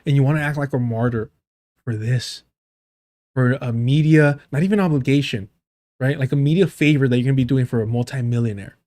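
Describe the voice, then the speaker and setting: A livestream commentator with a medium-pitched, darkish voice talks fairly quickly as he reacts to clips. He swears a lot and mocks the people he covers, mimicking them in exaggerated voices.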